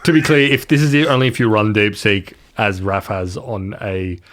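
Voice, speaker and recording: A man's voice: on the low side, fairly even intonation, moderate pace, fairly bright tone. A man co-hosting a casual tech podcast who makes wry, sardonic remarks. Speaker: podcast co-host.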